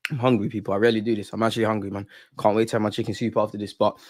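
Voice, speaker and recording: A man's voice: fairly low pitch, little pitch movement, very fast, dry recording, clean studio sound. Opinionated man chatting football. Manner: casual, opinionated, rambling with slang. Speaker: football fan channel host. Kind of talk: live match watch-along chat.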